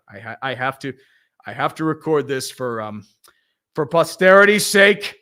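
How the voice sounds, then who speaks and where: Excitable high bright-voiced male fan commentator. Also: moderate pace. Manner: excitable, swears, laughs, shouts at big plays. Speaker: streamer doing live play-by-play. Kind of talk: live fan commentary with chat reading.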